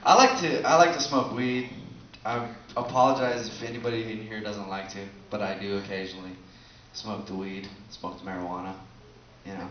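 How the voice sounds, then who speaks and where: A man's voice: fairly low pitch, fairly even intonation, fairly quick, noisy background. A man doing a loose, profane stand-up set, chatting with the crowd and laughing often. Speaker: stand-up comedian. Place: comedy show at a bar venue. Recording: echoey room, distant mic, dull sound, audience laughter. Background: audience laughter.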